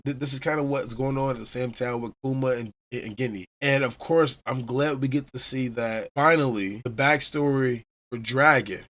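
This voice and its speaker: A man from Chicago hosting a podcast, casually recapping a manga chapter as an enthusiastic storyteller. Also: mid-range voice. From Chicago, USA. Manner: enthusiastic storyteller retelling scenes. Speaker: podcast host.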